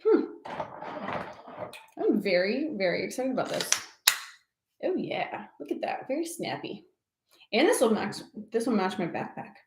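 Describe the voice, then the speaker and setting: A woman's voice: mid-range voice, very animated, measured pace, pauses often, darkish tone. A woman hosting a casual livestream show and tell, gushing and laughing often as she talks. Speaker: livestream host. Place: home office. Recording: echoey room with faint noise.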